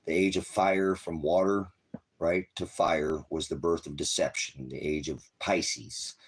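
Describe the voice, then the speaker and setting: A man's voice: low voice, little pitch movement, unhurried, husky. A man preaching and chatting casually on a phone live stream at home, rambling and talking fondly to his dogs.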